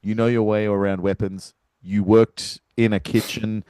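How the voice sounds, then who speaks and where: A man's voice: fairly low pitch, little pitch movement, a little slow, dark tone, smooth, dry recording. A man co-hosting a podcast, joking and teasing in casual chat. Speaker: podcast co-host.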